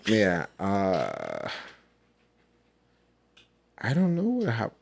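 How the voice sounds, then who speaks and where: A man co-hosting a podcast in casual chat, laid-back and quick to laugh. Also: on the low side, huge pitch swings, gravelly, a little hiss or hum. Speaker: podcast co-host. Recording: roomy echo.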